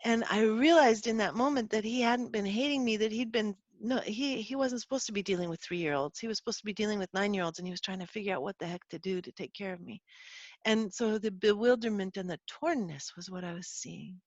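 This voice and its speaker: A woman as a guest expert in an interview, explaining and telling a personal story in an earnest, animated way. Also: mid-range voice, brisk, dry recording, lo-fi sound.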